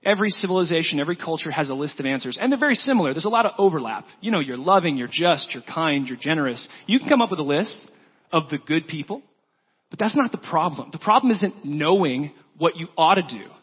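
A man's voice: on the high side, lively intonation, fast, husky. A man preaching a sermon, telling a story earnestly and acting out the quoted lines. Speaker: pastor. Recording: dull lo-fi sound with long church reverb.

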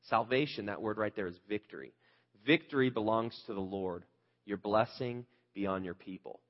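A man's voice: on the low side, moderate pace. Man, pastor, conversational sermon, candid, rhetorical questions, muffled lo-fi sound. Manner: earnest, candid, asks the listeners rhetorical questions.

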